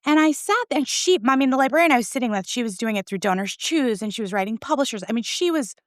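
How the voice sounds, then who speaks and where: A school librarian in her forties, appearing as a podcast guest, chats enthusiastically in a conversational interview, laughing often and tagging "right?" onto her points. Her voice is fairly high, expressive and fast, captured in a dry, studio-quality recording.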